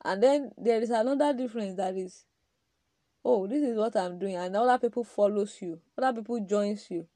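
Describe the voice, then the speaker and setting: A woman's voice: medium pitch, normal speed, warm tone, no room sound. A woman giving an emphatic, preaching-style podcast talk on marriage, addressing men directly with repeated rhetorical questions.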